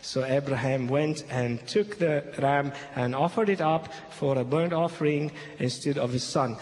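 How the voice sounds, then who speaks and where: A man with a slightly high, somewhat mellow voice and fairly even intonation unhurriedly retells a Bible passage to an audience as a Christian speaker. His English is broken, he repeats key phrases, and he often says "okay?"; the echoey hall carries faint background noise.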